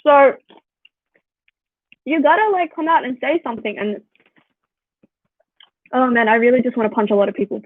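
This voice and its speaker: A woman's voice: high voice, moderate pace, long pauses, dry recording. A young Australian woman in her twenties, chatting casually to viewers and telling stories, with lots of "like" fillers. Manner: chatty, fillers of "like", animated storytelling. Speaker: vlogger. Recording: tinny phone-like sound, dry.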